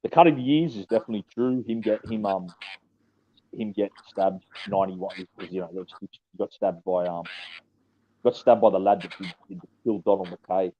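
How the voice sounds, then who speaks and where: Brief: very low Aussie male co-host, blunt, dull lo-fi recording. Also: slight background noise. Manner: blunt, slangy, halting. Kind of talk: casual chat. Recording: dull lo-fi sound.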